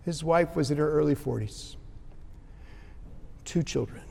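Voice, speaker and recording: A man preaching a sermon as pastor in a church sanctuary, his delivery swinging between ringing emphasis and hushed tenderness. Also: on the high side, unhurried, gravelly, long pauses, breathy edge. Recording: long reverb of a large sanctuary.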